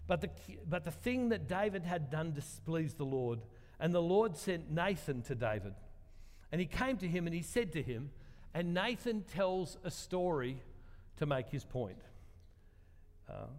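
A man preaching a sermon, retelling a story in a relaxed, conversational way and reading scripture passages aloud. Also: a little high, measured pace. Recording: long reverb of a large hall.

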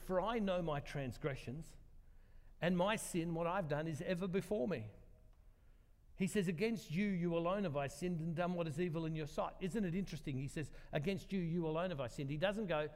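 Older male preacher, slightly high voice, chatty and self-mocking, long hall reverb. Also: darkish tone. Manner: conversational, asks the congregation questions, self-deprecating humor. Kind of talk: sermon.

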